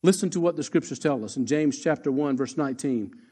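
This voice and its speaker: A man preaching a sermon as pastor, emphatic, slowing down to repeat his key lines. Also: mid-range voice, dark tone, breathy edge.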